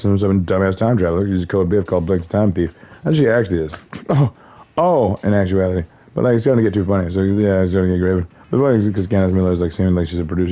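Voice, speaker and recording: A man's voice: deep voice, warm tone, muffled recording. A man streaming a game, rambling loosely, swearing and laughing often. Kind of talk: rambling gameplay commentary.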